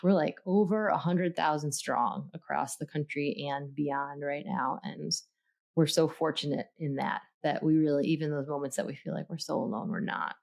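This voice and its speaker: A woman with a notably low voice co-hosts a podcast in casual, earnest chat. She rambles a little and restarts her sentences, with frequent ums along the way. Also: vocal fry, a little mellow. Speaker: podcast co-host.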